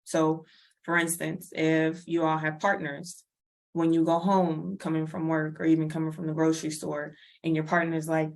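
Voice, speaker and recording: A woman's voice: low voice, little pitch movement, moderate pace, gravelly. A woman presenting a wellness workshop in a chatty, casual way, laughing often and acting out little everyday scenes. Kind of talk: casual lecture.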